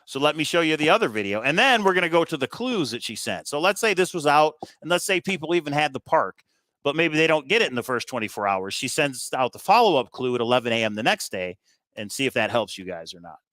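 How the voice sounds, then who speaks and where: A man's voice: a little high, sing-song, fast, fairly bright tone, no room sound. A man hosting a treasure hunt video, chatting casually and thinking aloud with frequent fillers as he walks through a puzzle solution. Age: adult with kids. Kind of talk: casual walkthrough commentary.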